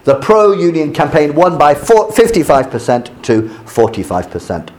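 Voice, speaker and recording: Man, teacher type, reads a news piece and then talks it through with hesitant asides, in a fairly high voice that rises and falls a lot. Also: very animated. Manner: halting explanations with many fillers between read passages. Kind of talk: reading aloud and explaining a news article.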